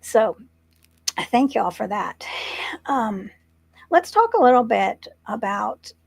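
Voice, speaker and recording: A woman hosting an interview, speaking in a gently affirming, unhurried way. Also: fairly high pitch, very animated, gravelly, slightly rough, no room sound. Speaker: host.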